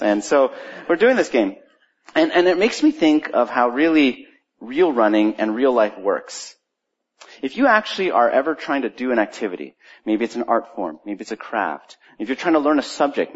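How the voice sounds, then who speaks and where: Husky pastor, middle-aged man, chatty and animated sermon, muffled lo-fi recording. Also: medium pitch. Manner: conversational, animated storytelling with rising energy. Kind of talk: sermon with prayer and storytelling. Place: church. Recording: dull lo-fi church recording.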